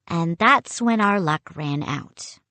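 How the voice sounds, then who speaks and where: Woman, audiobook narrator, expressive, dramatic, lively pitch, dry close mic. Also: slow, dry recording. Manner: expressive, dramatic first-person reading. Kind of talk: scripted storybook narration.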